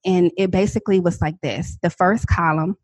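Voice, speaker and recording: A woman in her thirties, a podcast guest, telling a personal story in a lively, dramatic, casual way with frequent laughs. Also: on the low side, normal speed, dry recording. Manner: animated, self-described dramatic talker with frequent laughs.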